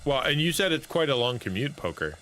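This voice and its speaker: A man's voice: medium pitch, sing-song, brisk, a bit bright, a little hiss or hum. A man streaming a game, giving playful, jokey live commentary and talking to his chat. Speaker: streamer and pastor.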